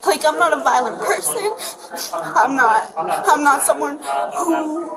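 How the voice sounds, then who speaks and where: A woman's voice: high voice, takes it slowly, vocal fry, a loud crowd, poor audio. A young woman agitatedly retelling events to police at an airport gate, rambling and repeating herself, filling her talk with "like", captured on a police bodycam. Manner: rambling, repetitive, heated, says "like" a lot. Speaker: passenger giving her account to police. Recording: bodycam audio with loud airport noise.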